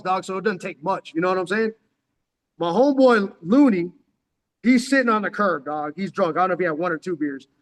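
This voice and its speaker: A man's voice: high-pitched, fairly bright tone. A man in his forties from San Diego telling a story in casual, slangy, profane talk that is full of "dog". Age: 40s. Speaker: vlogger. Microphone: headphones on. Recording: long echoing reverb.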